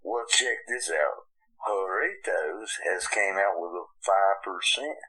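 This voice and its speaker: Bright-voiced, profane Southern man. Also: low-pitched, takes it slowly, slightly rough, poor audio. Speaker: podcast co-host. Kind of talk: casual chat.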